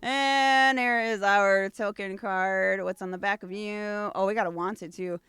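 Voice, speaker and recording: A woman's voice: medium pitch, steady tone, a little slow, fairly bright tone, smooth, dry recording, faint music behind. A woman hosting a casual unboxing video, reading card text aloud between gushing asides. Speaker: VTuber host.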